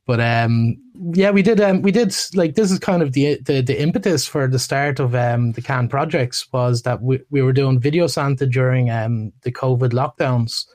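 A man appearing as a podcast guest, talking casually in a relaxed, hesitant way with many ums. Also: medium pitch, moderate pace, few pauses. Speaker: guest, massage therapist. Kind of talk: casual interview chat.

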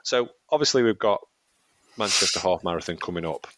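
A man's voice: sits low, lively intonation, a little fast, fairly bright tone, no room sound. A man co-hosting a casual running podcast, chatting in a rambling way and laughing often. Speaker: podcast co-host. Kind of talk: casual chat.

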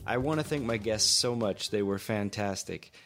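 A man's voice: on the low side, normal speed, over music. A man hosting an interview podcast, chatting in an easygoing, joking way with his guest and closing the show. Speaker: podcast host. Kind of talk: casual interview and outro.

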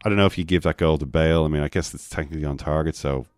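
A very low-pitched Irish man talks football in a loose, rambling way, full of restarts and playful quoting. The sound is dry and close to the mic. He leans into stories and drops into mock voices for the players he quotes. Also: fairly even intonation, racing, a little mellow, clear, resonant tone, no echo. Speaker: podcast host. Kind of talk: casual football chat.

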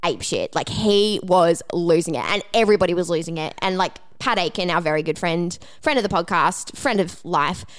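Woman, podcast co-host, casual storytelling, animated, acts out quotes, smooth clear voice. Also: on the low side, fairly quick, few pauses. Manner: animated, acts out quoted lines, swears freely.

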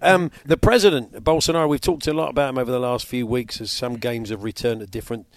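A man's voice: medium pitch, steady tone, fast, dry recording. A man from North London with a London accent, hosting a sports talk show in a chatty, jokey way. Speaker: radio sports host. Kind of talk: casual radio chat.

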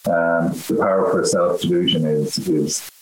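A middle-aged Irish man, an actor being interviewed, talking in a halting way with many restarts. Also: low voice, fairly even intonation. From Ireland. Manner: halting, full of restarts and fillers. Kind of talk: casual interview chat. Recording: roomy echo with faint hiss.

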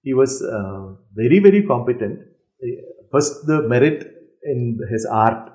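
A Malayali man from Kerala talks through interview answers in accented English, pausing on fillers and laughing now and then. His voice is mellow and soft-edged, and the room around him sounds echoey. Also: mid-range voice, lively intonation. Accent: Malayali Indian English. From Kerala, India. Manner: reflective, laughs often, many fillers and restarts. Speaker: interviewee, singer.

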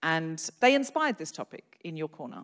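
A woman's voice: deep voice, sing-song, normal speed, a bit bright. A woman hosting a live comedy podcast on stage, bantering playfully with her co-host. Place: live stage in a concert hall.

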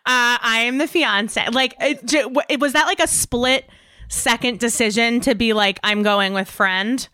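Bright, crisp chatty woman host. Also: on the high side, a little slow. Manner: chatty, recaps and asks probing questions. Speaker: podcast host. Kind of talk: casual interview chat.

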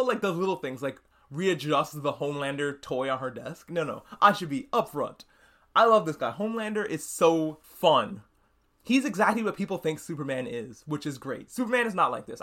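A man hosting a podcast, recapping a TV episode in casual, animated chat and swearing freely. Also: on the high side. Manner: animated, swearing, acts out characters' lines. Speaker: podcast host.

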